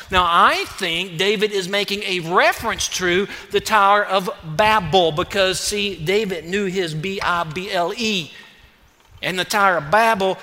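A man preaching a sermon as pastor, in an animated, conversational way with playful asides, in a church sanctuary. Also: high voice. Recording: church hall reverb.

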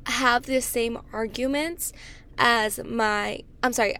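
A woman's voice: fairly high pitch, a bit bright. Earnest young woman coaching her viewers. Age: 20s. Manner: repeats phrases with frequent tag questions. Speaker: self-help vlogger. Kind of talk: casual talk to camera.

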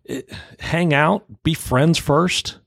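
Gravelly, husky-voiced male pastor. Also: on the high side, slow, fairly bright tone, dry recording, clean studio sound. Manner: easygoing, plainspoken, joking. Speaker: pastor and podcast co-host. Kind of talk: casual podcast discussion.

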